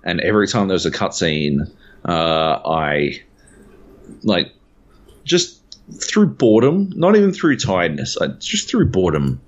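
A man with a fairly low voice rants in an exasperated, swear-laden way on a casual games podcast. He talks as a critic, and the sound is dull and slightly lo-fi. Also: sing-song, unhurried. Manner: profane, exasperated ranting. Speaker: podcast co-host, game critic.

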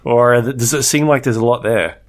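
A man co-hosting a gaming podcast in a relaxed, dry-joking way. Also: mid-range voice, fairly quick. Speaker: podcast co-host. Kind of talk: casual chat.

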